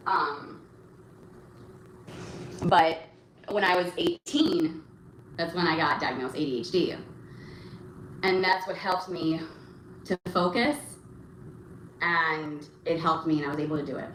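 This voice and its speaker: A young woman hosting a casual livestream and answering chat, talking in a rambling, halting way with many fillers and restarts. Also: sits low, fairly bright tone. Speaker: livestream host reading chat. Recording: roomy echo, faint background noise.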